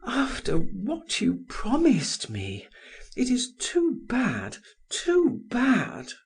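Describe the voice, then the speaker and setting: A male narrator voicing an anxious married woman who protests in a high, trembling voice. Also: huge pitch swings, very slow, vocal fry, husky, full character voice. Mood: distressed.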